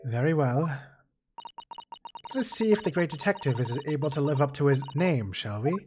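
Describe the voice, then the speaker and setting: A man's voice: fairly high pitch, animated, normal speed, noisy background, lightly acted. A man voicing a stern, flustered French woman who runs a wax museum, with a clumsy fake French accent. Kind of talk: reading game dialogue aloud. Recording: game music playing behind.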